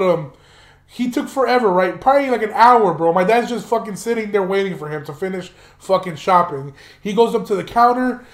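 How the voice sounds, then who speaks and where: Young male podcast host, high-pitched, loose and profane storyteller, roomy echo. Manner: profane, rambling, laughs while telling. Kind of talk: casual storytelling monologue.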